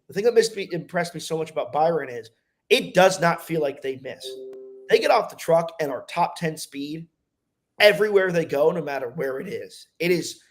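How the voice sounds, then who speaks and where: A man co-hosting a casual racing talk show, giving emphatic, animated opinions. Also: fairly high pitch. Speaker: co-host. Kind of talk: casual racing podcast chat.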